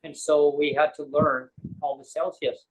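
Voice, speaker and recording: A man's voice: on the high side, little pitch movement, a little slow, breathy edge, low-quality recording. A man hosting a show, chatting casually and jokingly, rambling with many fillers and restarts. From Canada. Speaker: podcast host. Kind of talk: casual chat.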